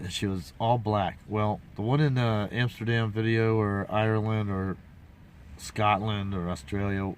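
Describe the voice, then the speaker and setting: A man with a low voice rambles through a folksy story, doubling back and adding asides as he goes. A faint hiss of noise and passing vehicles sits under the recording. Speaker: vlogger. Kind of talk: casual rambling monologue.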